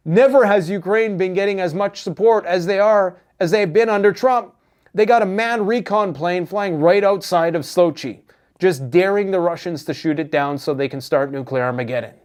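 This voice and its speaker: A man's voice: sits high, moderate pace, darkish tone, clear, resonant tone. A Canadian man giving casual political commentary on prepper news, blunt, sarcastic and profane. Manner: blunt, sarcastic, profane, mocking put-on voices.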